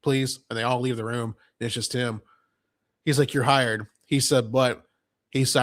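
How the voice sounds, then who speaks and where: A podcast co-host reviewing a film speaks at normal speed in a mid-range voice with fairly even intonation. In this casual movie review chat, he rambles through long scene recaps, full of fillers and quoted lines.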